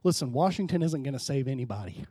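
A man pastor preaching a sermon, swinging between hushed, low passages and loud, emphatic rises, often calling out to the congregation. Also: lively intonation, fast talker, no room sound, clean studio sound. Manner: preaching with sudden drops to quiet and loud rises, calls to the congregation.

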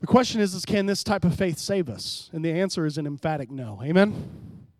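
A man pastor preaching a sermon, swinging between hushed, low passages and loud, emphatic rises, often calling out to the congregation. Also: animated, fairly quick, no room sound, studio quality. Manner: preaching with sudden drops to quiet and loud rises, calls to the congregation.

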